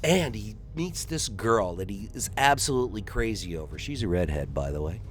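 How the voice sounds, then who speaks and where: A man's voice: on the low side, expressive, normal speed, a little hiss or hum. A man doing gameplay commentary, telling a long rambling joke and acting out the characters in raised voices.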